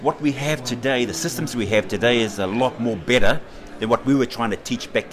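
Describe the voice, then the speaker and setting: A middle-aged man with a New Zealand accent, a guest recounting his own story in an unhurried way, with frequent hesitations and lively quoted voices. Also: medium pitch. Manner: unhurried, animated when quoting others, with many hesitations. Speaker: interview guest. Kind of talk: reflective personal storytelling.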